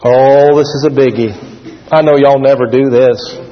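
A man preaching a sermon to a congregation, animated, acting out scenes with shouts and laughs. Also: medium pitch, normal speed. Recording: dull sound with long hall reverb.

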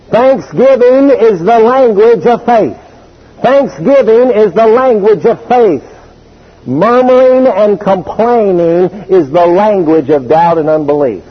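A man preaches in a fairly high, husky voice, pressing hard on his key points. He calls out for the congregation to repeat words after him. The recording is dull and lo-fi. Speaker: pastor. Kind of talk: sermon.

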